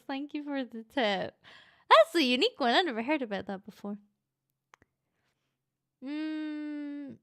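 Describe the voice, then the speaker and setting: Scottish woman, live-stream chat, playful, swears casually, a touch high-pitched. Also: fairly bright tone. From Scotland. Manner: chatty, playful, swears casually, quick to laugh. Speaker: VTuber streamer reading chat.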